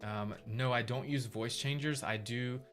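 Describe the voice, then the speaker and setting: A man streaming his game development, thinking aloud in a relaxed, casual way while he tests things. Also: mid-range voice, measured pace, faint music behind. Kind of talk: casual livestream commentary.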